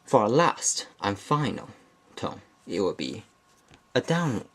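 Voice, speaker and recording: A man narrates a beginner language lesson in a slow, unhurried voice that sits a little low. He explains each point methodically and often stops to restate or correct himself mid-phrase. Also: sing-song, fairly bright tone. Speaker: language teacher.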